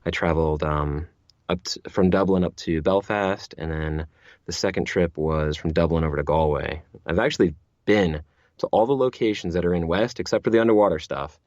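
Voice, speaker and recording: A man's voice: sits low, fairly quick, darkish tone, no echo, lo-fi sound. A man who narrates audiobooks, chatting as an interview guest, rambling with many restarts and repeated words. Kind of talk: casual interview chat.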